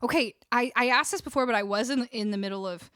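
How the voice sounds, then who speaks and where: Fast-talking and on the high side, a young Canadian woman with a Canadian accent chats casually with viewers on her music live stream, laughing often and reading their messages aloud. Her voice is a bit bright with a clean tone. A studio vocal mic gives clean studio sound with no echo.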